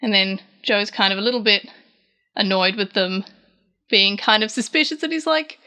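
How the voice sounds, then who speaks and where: Animated and chatty, an Australian woman recaps a manga chapter on a casual podcast, retelling scenes and raising her voice for the quoted lines. She speaks at a moderate pace in a medium pitch, sounding pushed, bright, clear, and resonant. Fillers and restarts are frequent.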